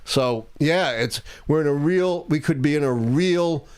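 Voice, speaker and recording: An older man who hosts a live political talk stream, explaining history in a deliberate, measured way. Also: a little high, darkish tone, clear, resonant tone, no room sound. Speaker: historian and show host.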